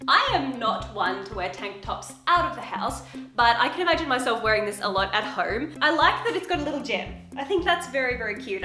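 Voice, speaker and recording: Young woman youtuber chatting through a haul, bouncy voice that swoops all over, music playing behind. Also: fairly high pitch. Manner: bubbly and chatty, often laughing, talks to her pet. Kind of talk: casual try-on haul chat. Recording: echoey room with background music.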